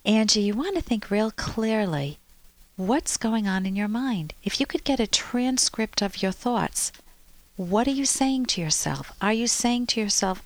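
A woman hosting a radio advice show, talking through stories and advice in a chatty, expressive way with sudden upbeat rises. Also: medium pitch, moderate pace, no room sound. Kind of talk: radio call-in advice monologue. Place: radio studio.

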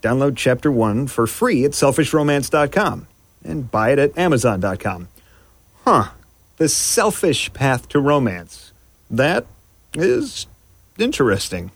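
A man's voice: mid-range voice, big pitch swings, a little slow, breathy edge, no echo, heavily acted. An actor playing a puzzled young man musing about romance in an ad, wry and musing.

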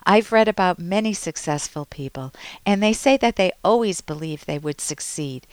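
A woman's voice: mid-range voice, smooth, dry recording. A woman hosting an advice show as a psychologist, earnestly coaching listeners and reading their letters aloud. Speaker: radio psychologist host.

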